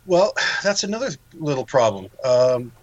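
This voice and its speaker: A man's voice: mid-range voice, very animated, normal speed, a little mellow, dull audio. A man co-hosting a podcast, chatting casually about a film, laughing often and acting out quotes.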